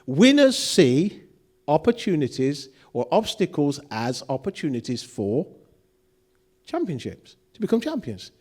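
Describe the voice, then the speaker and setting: A man's voice: on the high side, huge pitch swings, a little slow, a little mellow. A man preaching a sermon, acting out quoted voices and putting questions to the congregation. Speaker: pastor.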